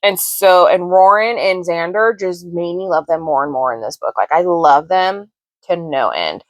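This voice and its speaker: A woman's voice: on the low side, animated, moderate pace, dry recording. A woman in her thirties, a book vlogger, chatting casually and effusively about what she read. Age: 30s. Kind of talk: casual book review chat.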